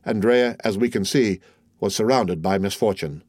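A man reading a classic novel aloud in a steady, measured way. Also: lowish voice, no room sound, studio quality. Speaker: audiobook narrator. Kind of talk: scripted narration.

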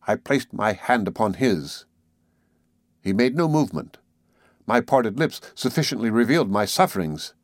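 A man reading a classic novel aloud as audiobook narration, in a measured, even delivery. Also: fairly low pitch, dry recording, clean studio sound. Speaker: audiobook reader. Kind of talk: scripted narration.

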